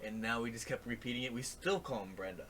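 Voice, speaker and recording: A young man in casual podcast chat, telling stories and getting loud and laughing as they build. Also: medium pitch, quick pace, slight background noise. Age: young adult. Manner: animated storyteller, gets loud and laughs while telling stories. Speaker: podcast co-host.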